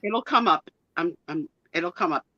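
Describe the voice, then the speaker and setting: A man joining a live stream, shaky from low blood sugar and stammering as he reassures everyone. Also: normal speed, sharp tone, dry recording, lo-fi sound.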